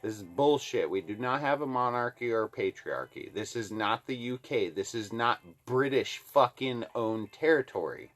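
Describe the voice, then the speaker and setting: A man's voice: mid-range voice, lively intonation, normal speed, hardly any pauses, fairly bright tone. A man from Alaska ranting heatedly to the camera, swearing constantly. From Alaska, USA. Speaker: vlogger. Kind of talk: angry political rant to camera.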